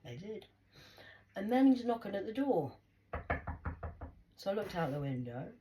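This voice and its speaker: A woman's voice: mid-range voice, big pitch swings, a little slow, warm tone. A middle-aged woman with a Geordie accent, telling a rambling, sweary story in a casual monologue. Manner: rambling, sweary, jumping between voices.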